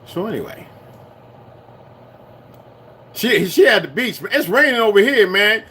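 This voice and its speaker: A man ranting to his viewers in a loose, profane monologue that swings between heated outbursts and low muttering. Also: big pitch swings, measured pace, bright, forceful tone, breathy edge. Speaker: vlogger. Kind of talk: rambling solo rant.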